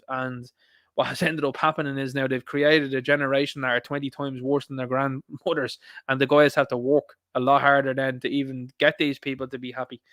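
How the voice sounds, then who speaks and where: A man's voice: mid-range voice, fairly bright tone, no echo. An Irish man hosting an online commentary show, rambling and opinionated as he reacts to posts and talks straight to his viewers.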